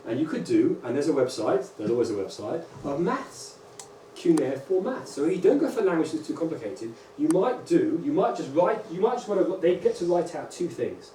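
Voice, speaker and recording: A man, a rabbi, giving a lively conference lecture to teachers and often checking in with "right?" and "okay?". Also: a little high, moderate pace, hardly any pauses. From England. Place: large lecture hall. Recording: echoey hall, distant mic, faint hum.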